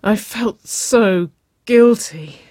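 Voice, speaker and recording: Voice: mid-range voice, takes it slowly, husky, no room sound, clean studio sound. A reader voicing a desperate young woman in love, breathless and pleading, slipping into whispers.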